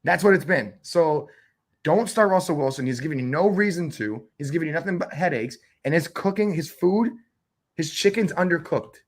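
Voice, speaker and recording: A man co-hosting a fantasy football show, ranting in an animated, exasperated way with big jumps in pitch. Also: moderate pace. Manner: exasperated, uses cooking metaphors. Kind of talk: animated sports chat.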